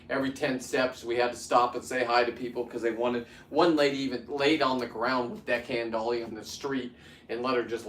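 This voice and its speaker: Casting: fifties man, vlogger, mid-pitched, rambling and restless, heard in a roomy space from a few feet off the mic. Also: recorded from a distance. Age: 50s. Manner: rambling, restarts, heats up into ranting. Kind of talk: casual talk to camera while working.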